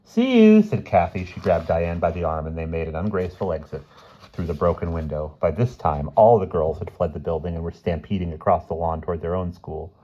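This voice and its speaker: A man reading a children's storybook aloud in a lively, expressive way. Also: low voice, a little fast, highs cut off. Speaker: audiobook reader. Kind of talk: storybook narration.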